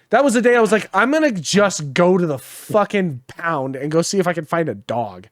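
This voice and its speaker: A tired, rambling man chatting on a podcast, his pitch bouncing up and down as he tells stories and swears freely. His voice sits a bit high, and the sound is dry and close. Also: sing-song, fairly quick, few pauses, dry recording. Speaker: podcast co-host. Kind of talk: casual chat.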